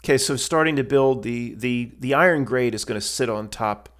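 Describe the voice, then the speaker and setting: Man, mid-pitched, casual and blunt, rambling voice-over commentator. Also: normal speed. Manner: blunt, rambling, with many restarts and fillers. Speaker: stove builder commenting on a video.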